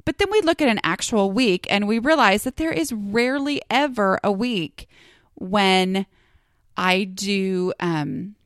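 Woman rambling thru her own podcast, lots of ums, mid pitch, dry close sound. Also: measured pace, no room sound. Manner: chatty and rambling, many ums and self-corrections. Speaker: podcast host. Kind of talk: casual solo podcast talk.

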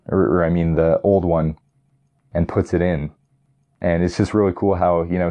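A man's voice: deep voice, mellow. A young man chatting casually about movies he loves, rambling and enthusiastic with many fillers and restarts. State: getting tired. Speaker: vlogger ranking movies. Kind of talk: casual chat.

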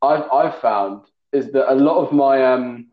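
A young man hosts a loose podcast chat, teasing his guest and quick to joke. His voice sits at a middle pitch. The recording sounds roomy and a little dull. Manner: jokey and teasing, quick to laugh. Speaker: podcast host. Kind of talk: casual chat.

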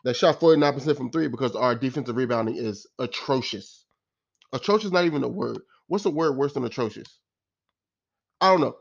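A man's voice: mid-range voice, muffled recording. Exasperated man ranting after a game. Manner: exasperated, repetitive, slangy. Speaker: sports fan commentator. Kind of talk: casual post-game rant.

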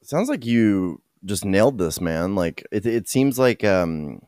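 A man with a lowish, smooth, resonant voice makes easygoing comments in casual conversation. He recorded dry and close, with no room echo. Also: sing-song, slow, a little mellow. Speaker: podcast co-host. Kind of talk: casual chat.

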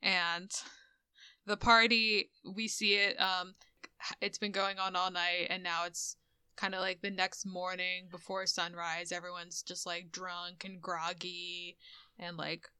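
Woman co-host, casual movie recap, sharp and clear tone, emotional and swearing freely. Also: lowish voice, slow pace, dry recording, clean studio sound. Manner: animated and profane, crying over the ending.

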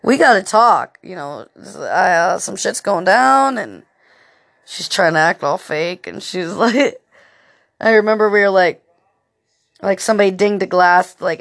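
A woman's voice: medium pitch, lively intonation, measured pace, gravelly, a bit bright. Woman podcast host, casual monologue, swears a lot, rambling, lots of fillers.

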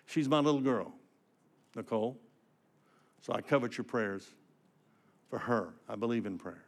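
An older man preaching a sermon, telling his story with emotion and swinging from hushed to emphatic. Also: mid-range voice, expressive, unhurried.

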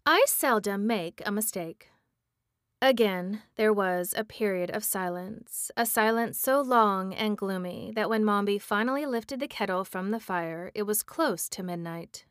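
A woman reading a chapter book aloud as a bedtime story, in a gentle read-aloud manner. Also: medium pitch, moderate pace, few pauses, no echo, clean studio sound.

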